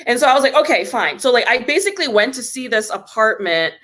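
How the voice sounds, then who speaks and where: A young woman telling a comic story in a casual, exasperated rant, swearing and jumping up in pitch when indignant. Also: sing-song, fast talker, a bit bright. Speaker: comedy podcast host.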